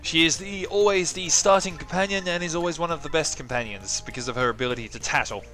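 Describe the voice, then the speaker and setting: A man's voice: on the high side, fast talker, pushed and bright. Offhand, swearing game streamer man. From Australia. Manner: swearing, offhand, self-mocking. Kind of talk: casual live-stream commentary. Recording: faint game music behind.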